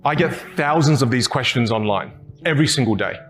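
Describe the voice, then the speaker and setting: A young man coaching communication in an interview, animated and theatrical, demonstrating with his voice. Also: medium pitch, brisk, music in the background. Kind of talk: podcast interview, demonstrative teaching.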